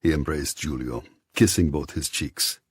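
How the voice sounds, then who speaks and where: A very low, husky male voice reads a first-person story in measured, even steps. It sits dry and close to the mic, with nothing around it. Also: dry recording. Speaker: audiobook narrator. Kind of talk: scripted first-person narration.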